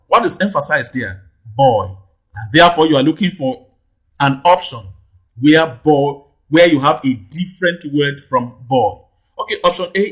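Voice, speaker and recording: A man's voice: on the high side, expressive, moderate pace, slightly rough, poor audio. A male tutor patiently explaining exam answers, repeating question numbers and checking with "right?". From Nigeria. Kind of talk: teaching lesson, explaining answers.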